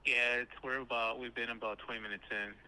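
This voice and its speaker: Man, office clerk, matter-of-fact, hesitant, monotone, sharp bright voice. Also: medium pitch, fast, a little hiss or hum, poor audio. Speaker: county clerk office worker. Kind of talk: phone call answering questions.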